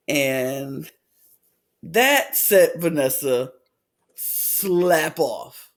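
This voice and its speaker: High-voiced animated man recapping reality TV. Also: slow pace. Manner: animated retelling, acts out quotes with big pitch swings. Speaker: podcast co-host. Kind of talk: casual reality-TV recap chat.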